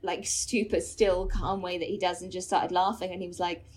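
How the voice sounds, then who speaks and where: A woman comedian appears as a podcast guest, chatting casually with a lowish voice at a moderate pace. She tells an animated story full of fillers, with the occasional swear word.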